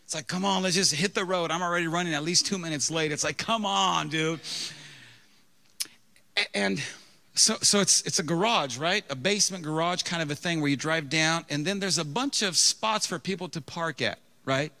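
A male pastor in his thirties preaching through a funny personal story. His voice is bright and sits a little high, and he tells the story with animated, self-mocking humor. It feels like storytelling from a church pulpit. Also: a little fast. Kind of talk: storytelling sermon.

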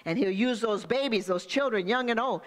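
A woman's voice: a little high, moderate pace, long reverb tail. An older woman pastor preaching a sermon, speaking straight to the congregation with call-and-response asides.

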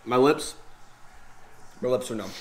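A man's voice: medium pitch, a little slow, reverberant, crowd noise. A young man in casual chat with friends, boastful and laughing often.

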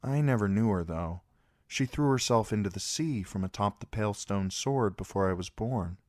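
A man's voice: fairly low pitch, normal speed, darkish tone, no echo, clean studio sound, voice pushed up, lightly acted. A man voicing a shy, polite boy squire and young lord in a storybook reading, earnest and a little hesitant. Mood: solemn.

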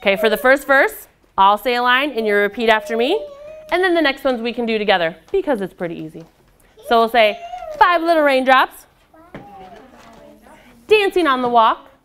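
A woman's voice: on the high side, expressive, fairly quick, fairly bright tone, a little hiss or hum. A young woman leading a children's storytime, reading aloud and guiding rhymes in a patient, encouraging, sing-song way. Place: indoor storytime room with children.

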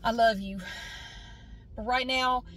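A woman's voice: on the high side, steady tone, slow, fairly bright tone, a little hiss or hum. A tired woman venting in a casual vlog, recorded on a phone in her parked car, frustrated and talking to herself. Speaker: vlogger.

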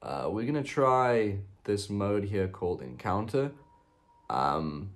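Young male gaming host, casual cussing commentary; low, gravelly voice with a lively, swinging pitch. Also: slow. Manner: chatty, swears a lot, lots of ums.

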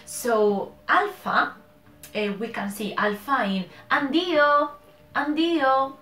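A Spanish-accented woman who speaks Spanish natively talks slowly through a casual language-learning vlog. Her voice sits a little high, and it rings in a roomy space with faint music underneath. She stops to correct herself and checks in often with "okay?". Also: pushed and bright.

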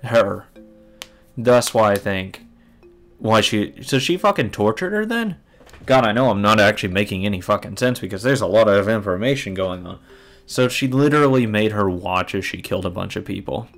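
A man's voice: lowish voice, animated, moderate pace, fairly bright tone, faint music behind. A man reading a visual novel aloud and adding heated, profane commentary. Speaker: let's play host.

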